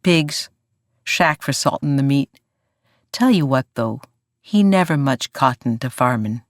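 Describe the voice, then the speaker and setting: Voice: mid-range voice, expressive, measured pace, dry recording, studio quality. A narrator voicing a wry grown male mountain laborer with a drawl and folksy talk.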